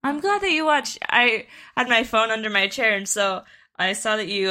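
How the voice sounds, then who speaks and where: A woman's voice: on the high side, normal speed, pushed and bright. A woman in her twenties co-hosting a podcast, chatting casually and telling a long story with plenty of fillers and restarts. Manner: rambling storytelling with many fillers. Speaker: podcast co-host. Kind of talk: casual chat.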